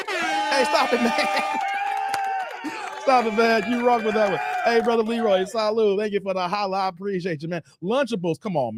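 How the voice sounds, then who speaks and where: A man's voice: very high voice, very noisy. A man hosting a live stream, casually reacting to a clip and reading out viewer donations with a playful, joking manner. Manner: playful, laughs often, talks to chat.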